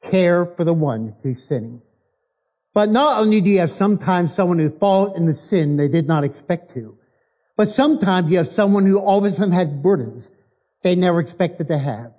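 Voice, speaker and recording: A man's voice: high-pitched, a little fast, warm tone. A man preaching a sermon as a guest speaker, working homely anecdotes into the scripture and returning again and again to a repeated refrain. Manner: preaches with anecdotes and emphatic repetition.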